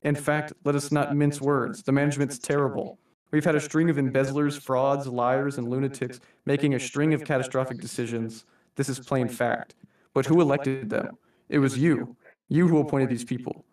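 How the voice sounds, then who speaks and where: A man voices a theatrical masked anarchist delivering a formal, mock-polite monologue that addresses humanity as his staff, in a scolding mood. His natural, mid-range voice is steady and darkish at a moderate pace, recorded from a distant mic in a roomy space.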